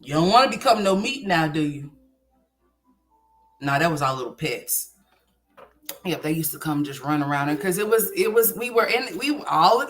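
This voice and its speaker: A woman from Oklahoma hosting a livestream, telling a story in a loose, animated and profane way, dropping to low mutters and rising to loud exclamations. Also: normal speed, long pauses, soft background music. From Oklahoma, USA. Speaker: livestream host.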